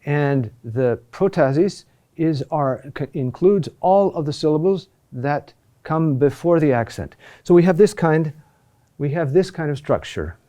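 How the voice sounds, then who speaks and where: A middle-aged man teaching a class on chant, speaking deliberately with many pauses and fillers. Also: a little high, animated, warm tone. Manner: slow and deliberate, with frequent "uh" pauses. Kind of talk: classroom lecture.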